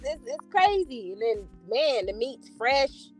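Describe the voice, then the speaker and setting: A woman from chats casually, her voice pitched a little high clear. She is animated and expressive, swearing freely as she reacts to viewers, and faint music plays underneath. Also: fairly quick, hardly any pauses. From California. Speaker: livestream host reading chat. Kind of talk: casual chat.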